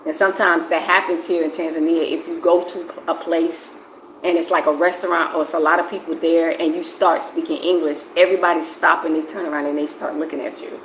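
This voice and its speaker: Woman vlogger with a low voice, candid and personal talk, roomy recording. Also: flat delivery, a little fast, slight background noise. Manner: candid and personal, thinking aloud. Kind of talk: casual talk to camera.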